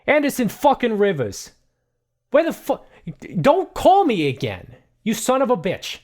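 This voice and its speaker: A man voicing a furious male mob boss who shouts and swears down a phone line. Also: very high voice, huge pitch swings, a little slow, pitched above the performer's own voice, heavily acted.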